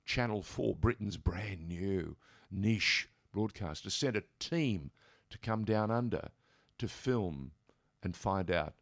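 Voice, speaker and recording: An older Australian man from Sydney, a radio interview guest in a studio, telling animated stories and mimicking voices as he goes. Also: deep voice, takes it slowly, no room sound. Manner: animated storyteller who mimics voices in anecdotes.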